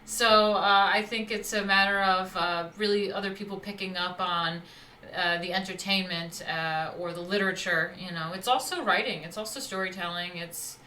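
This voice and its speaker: Bright-voiced woman from New York. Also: fairly low pitch, moderate pace. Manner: animated, laughs easily. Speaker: host. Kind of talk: casual chat. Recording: echoey room, faint background hum.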